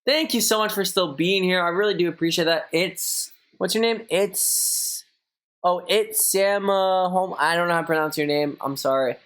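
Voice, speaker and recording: A man's voice: high voice, moderate pace, fairly bright tone. Rambling young man chatting on stream. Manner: rambling, many fillers like "like", chatty. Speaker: streamer reading viewer messages. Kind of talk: casual live-stream chat.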